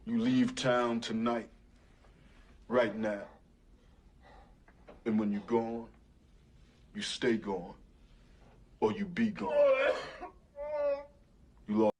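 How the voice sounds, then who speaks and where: A slow, cold-voiced enforcer. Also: male voice, on the low side, little pitch movement, darkish tone, slight background noise. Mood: threatening. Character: menacing man ordering someone out of town.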